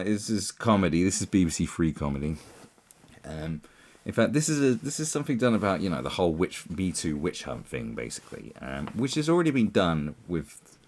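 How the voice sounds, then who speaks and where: A man giving casual commentary, rambling and scornful, with many fillers and restarts. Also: sits low. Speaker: commentary YouTuber.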